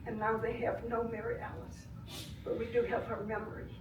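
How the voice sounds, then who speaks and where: An older woman giving impassioned public comment at a board meeting, swinging between soft grief and loud anger. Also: on the high side, flat delivery, a little fast, lo-fi sound, background noise. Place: village board meeting room. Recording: echoey room, voice from far off.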